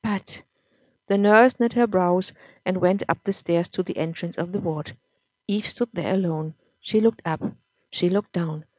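A woman narrating a story in a measured, somber reading. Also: on the low side, darkish tone, no room sound. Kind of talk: audiobook-style story reading.

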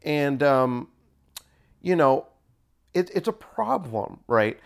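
A hesitant, soft-spoken male radio commentator, as a man puts him on, pitched a little higher than a plain voice and kept quiet and careful. He halts, stumbles and keeps stopping between phrases. His tone is smooth and clear. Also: big pitch swings, exaggerated voice. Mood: earnest, halting. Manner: halting, full of ums and tag questions. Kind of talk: mocking impression in a podcast rant.

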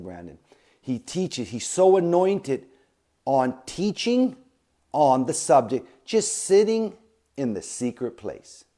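A middle-aged man preaching a sermon, emphatic and repetitive, with sudden loud stresses on key words. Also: on the high side. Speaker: pastor.

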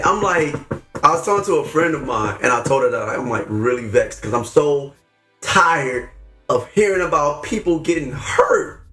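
A man's voice: fairly high pitch, expressive, normal speed, a bit bright, reverberant, soft background music. A man hosting a faith podcast, talking with fervent, slangy preachiness, upset and near tears. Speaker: podcast host. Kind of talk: impassioned faith talk.

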